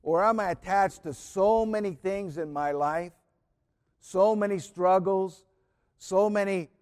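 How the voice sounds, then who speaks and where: A male preacher delivering a sermon in a fairly high voice at an unhurried, deliberate pace. He talks earnestly, repeats his key phrases and often sinks into soft, hushed tones. The sound carries the long reverb of a large church.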